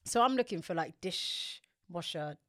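This woman's lowish voice carries a London accent and a measured pace as she co-hosts a casual podcast chat. She tells stories with animation, acting out the dialogue, in a dry, clean studio recording.

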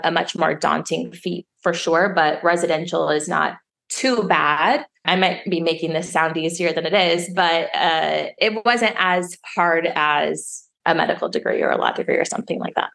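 A woman in her thirties, a sommelier guest telling stories in a casual interview, acting out quoted dialogue with jumps in her voice. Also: gravelly. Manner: lively storyteller, acts out quoted dialogue with pitch jumps. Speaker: sommelier and wine educator guest.

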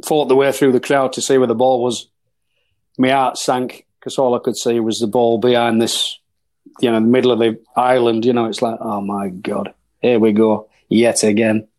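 A man's voice: mid-range voice, flat delivery, moderate pace, darkish tone. A middle-aged man, a professional golf caddie, telling stories in a casual podcast chat, blunt, swearing freely and acting out the dialogue. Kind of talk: casual storytelling.

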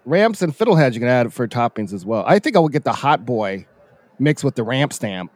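A male co-host in casual chat, laughing often and talking with many fillers, sounding tired from a rough week. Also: medium pitch, very animated, brisk, a little mellow, dry recording. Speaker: radio co-host.

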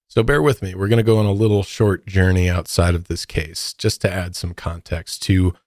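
A man's voice: deep voice, no room sound, studio quality. A man co-hosting a true crime podcast, casually recounting a case in a storytelling way. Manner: relaxed, recounts history in a storytelling way. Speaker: podcast co-host.

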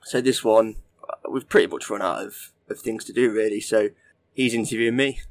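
A man from Derby hosting a podcast, chatting in a relaxed, self-deprecating way. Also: on the low side, moderate pace, no room sound. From Derby, England. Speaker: podcast host. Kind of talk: casual podcast intro.

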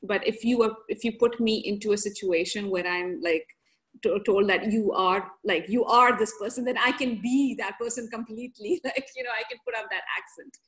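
A woman with a shifting mixed accent, chatting as a podcast guest and telling animated stories, laughing often and acting out voices. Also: medium pitch, moderate pace. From grew up in several countries. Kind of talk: casual conversational storytelling.

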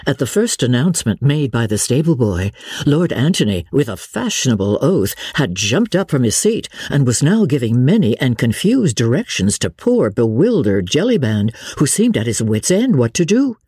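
A woman narrating an audiobook with lively, expressive storytelling. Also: extremely low pitch, moderate pace, breathy edge, no echo, clean studio sound. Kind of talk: scripted narration.

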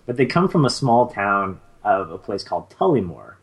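Low-voiced guy in his 30s, rambly podcast co-host, lots of ums. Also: big pitch swings, normal speed, husky. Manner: rambling, with many fillers and restarts. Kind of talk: casual chat.

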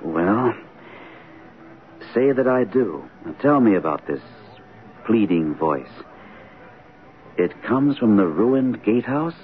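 Gentle middle-aged father, very deep and expressive, lo-fi radio-play sound. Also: slow pace, pauses often. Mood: tender. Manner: gentle, reassuring, patient. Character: kindly middle-aged male author, doting father. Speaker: author and father. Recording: tinny 1970s radio broadcast, faint hiss.

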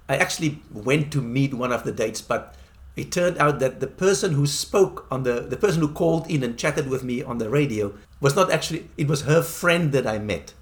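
A middle-aged man from Africa, hosting a podcast and telling a personal story in a wry, self-deprecating way. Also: mid-range voice. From South Africa. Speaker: podcast host. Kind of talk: casual storytelling monologue.

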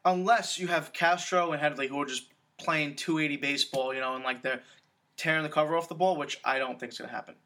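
Bright-voiced opinionated man. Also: on the high side, fairly even intonation, fast. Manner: opinionated, rambling with fillers. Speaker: podcast co-host. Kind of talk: casual sports podcast chat.

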